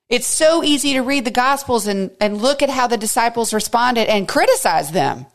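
A woman teaching a Bible study in an expressive way, dropping to hushed asides and rising to high, emphatic bursts. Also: normal speed, gravelly.

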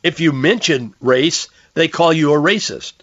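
Hoarse male radio host, earnest conversational monologue, dry and muffled recording. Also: on the high side, unhurried, fairly bright tone, no room sound. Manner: conversational, earnest, with frequent restarts. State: hoarse, losing his voice. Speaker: radio talk show host. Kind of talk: political and religious commentary monologue.

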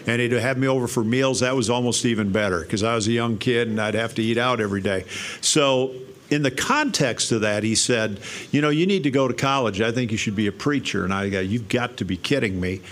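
A man's voice: medium pitch, fairly quick, fairly bright tone. An older man telling his life story to an audience, animatedly acting out the voices in his quotes. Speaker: speaker sharing his testimony.

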